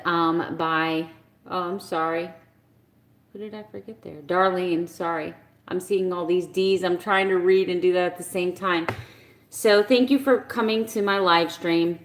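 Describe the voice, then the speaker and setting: A woman, ranting passionately and bluntly as she talks to her viewers on a casual live stream. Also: lowish voice. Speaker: keto vlogger on a live stream. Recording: echoey room.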